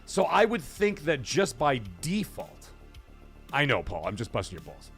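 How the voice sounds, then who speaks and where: A man hosts a casual live stream from his home, rambling freely and reacting to viewer comments. His pitch rises and falls in a lively way as he talks. Faint music plays softly behind him. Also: normal speed. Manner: rambling, chatty, reads out chat comments. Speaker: livestream podcast host.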